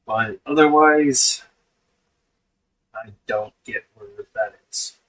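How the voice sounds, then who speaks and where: A man with a mid-range, fairly bright voice speaks slowly while hosting a casual livestream chat. He's blunt, laughs often, and swears freely, and his voice sounds distant from the mic.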